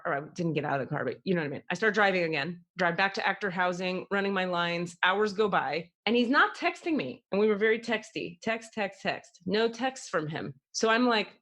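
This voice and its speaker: A woman podcast host telling a personal story in a casual, animated way, swearing freely. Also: on the low side.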